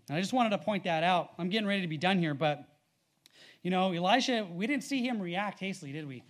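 High-voiced man preaching a sermon. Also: a little fast, pauses often. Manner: animated, rising loud on scripture readings; conversational with fillers and storytelling.

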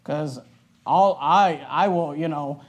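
A middle-aged man preaching a sermon as a pastor, telling a personal story in a loud, emphatic, conversational way with asides. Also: on the high side, slow pace, muffled recording.

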